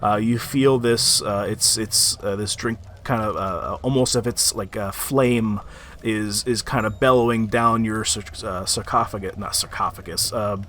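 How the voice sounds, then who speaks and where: A man's voice: on the low side, fairly even intonation, a little slow, fairly bright tone, a little hiss or hum. A man narrating as game master of a tabletop game, rambling with many ums and likes. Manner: rambling, filler-heavy narration.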